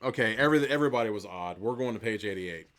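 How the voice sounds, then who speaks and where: Bright-voiced man reading aloud, swearing. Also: on the low side, lively intonation, fast talker. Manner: profane, joking, cursing asides mid-reading. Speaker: podcast host. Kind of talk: casual reading of a gamebook aloud, with asides.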